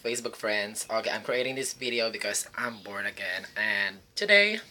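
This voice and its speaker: A man's voice: on the low side, expressive, moderate pace, pushed and bright. A man, a karaoke host, telling campy jokes in a vlog monologue. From Philippines. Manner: campy, joking, teasing. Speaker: cruise ship karaoke host.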